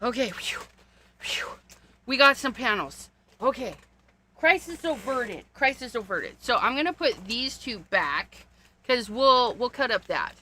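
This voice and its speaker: A woman's voice: fairly high pitch, animated, measured pace, pushed and bright, a little hiss or hum. A woman hosting a casual card-making livestream, chatting to viewers while she rummages through paper and supplies, with frequent gasps and little laughs.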